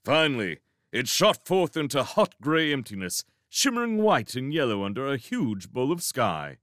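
A man reading a storybook aloud as narrator, with a measured, expressive storytelling manner. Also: medium pitch, dry recording, clean studio sound. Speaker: reader. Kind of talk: audiobook narration.

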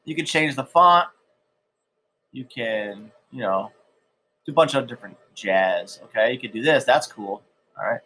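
A man's voice: medium pitch, expressive, unhurried, long pauses, bright, forceful tone. A man hosting a casual how-to tutorial, talking loosely and checking in with "right?" and "okay?", and drifting into a country accent at times. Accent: slips into a country accent at times. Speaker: edtech tutorial host. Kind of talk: casual screen-recorded tutorial.

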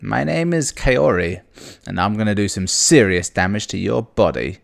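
Cocky female cat fighter in a video game, read by a man, low voice, gravelly edge. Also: animated, moderate pace. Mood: threatening.

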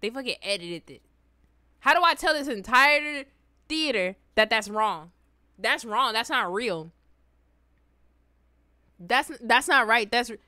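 A young adult woman hosting a reaction video, telling stories in an animated, slangy, exclamatory way. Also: on the high side, a little slow, long pauses, dry recording, studio quality. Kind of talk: casual reaction commentary and storytelling.

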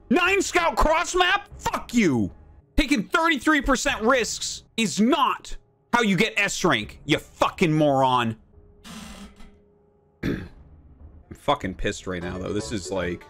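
A male streamer in his thirties, swearing and venting as he talks through his games, his pitch leaping around and sometimes spilling into shouts. His voice is bright and a touch high for a man. Faint game music runs behind him. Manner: profane, exasperated, bursts into shouting. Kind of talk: casual stream rant.

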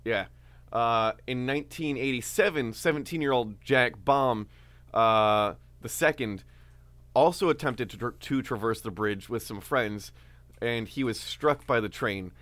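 A man co-hosting a podcast, telling a story in a relaxed, casual way with many fillers. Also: mid-range voice, unhurried, no room sound. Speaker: podcast co-host.

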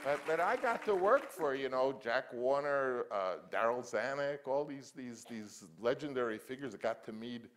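An older man, a film director, answering interview questions and reminiscing in halting speech full of restarts and repeated words. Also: medium pitch, expressive, some chatter behind.

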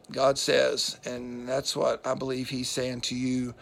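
Gravelly-voiced man on a rambling rant. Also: medium pitch, monotone, measured pace, a bit bright. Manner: opinionated, preachy, sidetracked with fillers. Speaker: political vlogger. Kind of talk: rambling political monologue.

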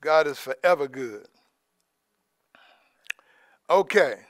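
A man giving an informal, conversational sermon as preacher, dropping in praise asides and trailing off softly. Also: on the high side, lively intonation, takes it slowly, no echo, studio quality. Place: church in Alaska.

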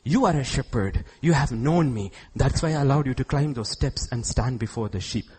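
A middle-aged man from India preaching a sermon in church, acting out God's words and shifting from hushed tones to loud outbursts. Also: medium pitch, animated, moderate pace, hardly any pauses, breathy edge. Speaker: pastor.

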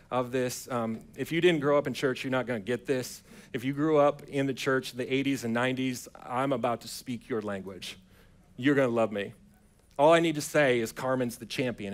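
A male pastor delivering a sermon in a church sanctuary. He tells the story like a conversation with friends, slipping into quick impressions of the people in it. His voice sits at an ordinary middle pitch for a man. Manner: casual storytelling preacher who acts out quotes in a relaxed, modern voice.

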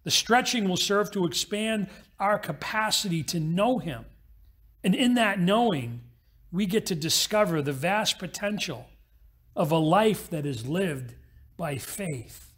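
A male pastor delivers a sermon in a high, husky voice. He slips into a brisk storytelling mode and speeds through the parable's voices. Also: expressive, a bit bright.

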